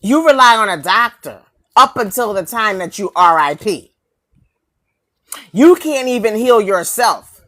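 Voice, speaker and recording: A woman's voice: medium pitch, expressive, unhurried, pauses often, fairly bright tone. A woman delivering a confrontational, preachy rant to camera, mocking her targets and firing off rhetorical questions and repeated lines.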